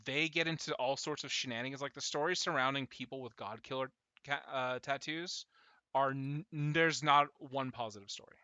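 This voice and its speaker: A man narrating as dungeon master in a casual, rambling way full of fillers, with sudden loud bursts. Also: medium pitch, steady tone, normal speed, smooth, no room sound. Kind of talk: narrating a tabletop game on stream.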